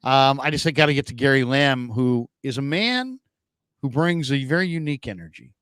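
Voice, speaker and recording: A man's voice: mid-range voice, expressive, moderate pace, fairly bright tone, clean tone, dry recording. A man hosting a sports call-in show, joking and rambling in casual chat. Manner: joking, rambling, playful teasing.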